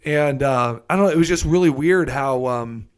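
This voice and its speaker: A man's voice: mid-range voice, normal speed, clear, resonant tone. A man chatting casually, trailing off and thinking aloud as he talks. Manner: hesitant, full of fillers and restarts. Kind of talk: casual chat.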